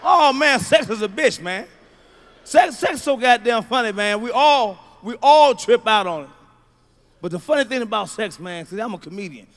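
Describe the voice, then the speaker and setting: A middle-aged man doing a stand-up comedy routine, telling profane stories that swing from low mutters to loud shouts. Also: expressive, moderate pace. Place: large comedy venue stage. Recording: live show, faint crowd ambience.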